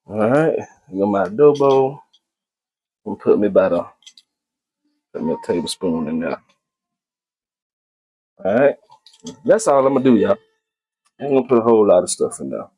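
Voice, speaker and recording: A man talks his viewers through a home cooking video in an easy, casual way. His voice is mellow and warm, and he often says a phrase twice. He addresses the audience as y'all. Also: fairly low pitch, sing-song, normal speed, pauses often, breathy edge.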